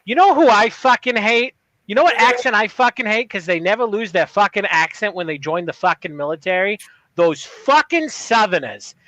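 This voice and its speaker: A man voicing his drunk buddy from Boston, ranting loudly and swearing. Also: very high-pitched, sing-song, normal speed, long pauses, no room sound, voice pushed up, exaggerated voice, poor audio. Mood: irritated. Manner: loud profane ranting.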